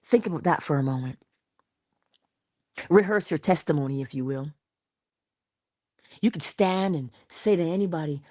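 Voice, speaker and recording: A woman's voice: low voice, normal speed, pauses often, a little mellow. A woman giving a morning inspirational talk, coaching her listener in a conversational, playful way. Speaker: motivational speaker.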